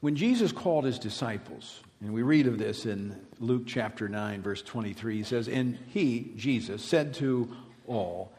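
A middle-aged pastor from Louisiana, preaching emphatically and swinging from loud declarations to hushed words. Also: male voice, medium pitch, lively intonation, unhurried. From Louisiana, USA. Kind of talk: sermon. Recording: reverberant hall.

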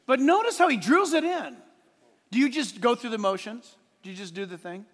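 Pastor, male, very high voice, emphatic sermon delivery, quiet asides to shouts, church sanctuary with long reverb. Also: animated, brisk. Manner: emphatic, swings from hushed to shouting, laughs at his own points.

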